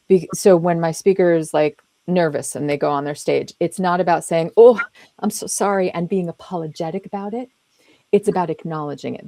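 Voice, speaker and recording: Gravelly low-voiced woman host. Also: mellow, dry recording. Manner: earnest, emphatic, acts out little quoted lines. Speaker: podcast host. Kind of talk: conversational interview talk.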